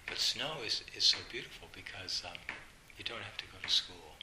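A man with the flu, coughing now and then, gives an informal dharma talk in a gentle, musing tone. His voice sits fairly low. He is recorded in a roomy hall with steady background noise. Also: moderate pace. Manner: gentle, musing storyteller acting out family quotes.

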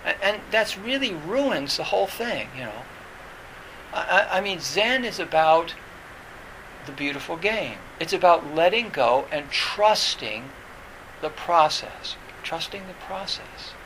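Bright-voiced man giving a halting Zen talk. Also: fairly high pitch, big pitch swings, slight background noise, rough recording. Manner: halting, many fillers and restarts. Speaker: Zen teacher. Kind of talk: dharma talk.

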